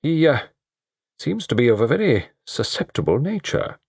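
A man voicing a mild, cautious middle-aged gentleman who speaks in measured, tactful tones. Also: mid-range voice, sing-song, gravelly, husky, no echo, studio quality, pitched above the performer's own voice, heavily acted.

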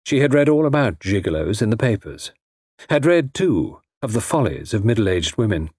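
A man with a low, husky voice reads a story aloud, letting his pitch rise and fall with wry expression. The recording is close and dry, with no room sound. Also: very animated, normal speed, darkish tone, no echo. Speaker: narrator. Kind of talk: audiobook reading.

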